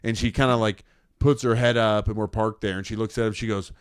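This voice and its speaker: Low-voiced man telling a story on a podcast. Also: fairly quick, smooth, no echo, studio quality. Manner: animated, quotes people in put-on voices, laughs often. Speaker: podcast co-host. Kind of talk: casual chat, storytelling.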